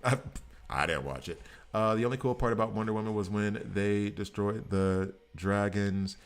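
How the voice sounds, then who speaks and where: A man's voice: on the low side, smooth. A man streaming a game, chatting casually in a rambling, jokey way. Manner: animated, rambling, jokey, breaks into quick voices. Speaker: gaming streamer. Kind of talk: casual chat while gaming.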